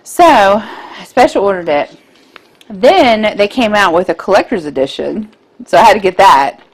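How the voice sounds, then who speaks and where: A woman in her thirties co-hosting a podcast, chatting casually and gushing with excitement about films she loves. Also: medium pitch, moderate pace. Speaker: podcast co-host. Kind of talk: casual chat.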